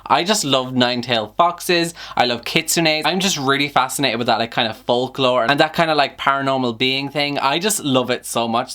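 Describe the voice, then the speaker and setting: A man's voice: mid-range voice, bright, forceful tone. A young man talks casually to his camera in a book vlog. He gushes about what he has been reading and keeps dropping "like" between his thoughts. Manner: chatty, gushing, filler-heavy with lots of "like". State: upset after bad news. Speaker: book vlogger.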